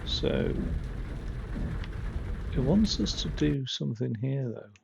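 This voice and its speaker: A man's voice: mid-range voice, sing-song, slow, vocal fry, highs cut off, noisy background. A man casually commenting while playing a train simulator, rambling, swearing now and then and chuckling at his own stories. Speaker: game streamer.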